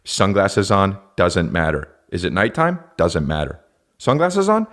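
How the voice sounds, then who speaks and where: Profane ranting comedian man, lively pitch. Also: measured pace. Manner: profane, exasperated ranting with mock voices. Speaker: podcast host. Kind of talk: comedic rant.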